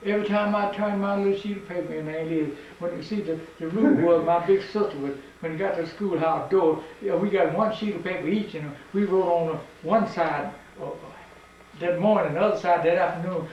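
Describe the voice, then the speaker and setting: A man's voice: sits high, a little mellow, highs cut off, slight background noise. An older man, a museum guide fervently telling stories from his childhood, heard from a distance in an echoey old house. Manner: fervent, preacher-like. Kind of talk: oral storytelling.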